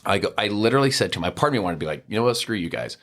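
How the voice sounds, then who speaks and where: Podcast guest, middle-aged man, deep voice, casual animated storyteller. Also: very fast. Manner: animated storyteller, acts out quoted dialogue.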